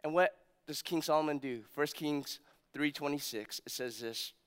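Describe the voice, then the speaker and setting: Pastor, male, high smooth voice; animated sermon delivery with acted-out quotes and quiet emphatic drops. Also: moderate pace.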